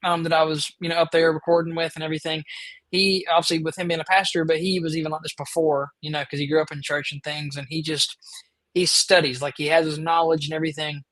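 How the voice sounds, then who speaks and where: A man's voice: a little high, little pitch movement, fast talker, a bit bright, dry recording, poor audio. A man hosting a podcast, telling a story in casual chat, rambling and eager with lots of fillers. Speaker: podcast host.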